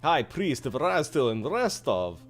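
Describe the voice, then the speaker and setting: A man voicing a courteous, dignified male high priest, speaking formally and with measured calm. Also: faint music behind, close to an everyday voice.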